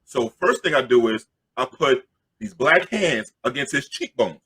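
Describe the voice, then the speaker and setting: A middle-aged man from Queens, telling an animated, jokey story and loudly acting out the crowd. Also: medium pitch, a little slow, background noise. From Queens, New York.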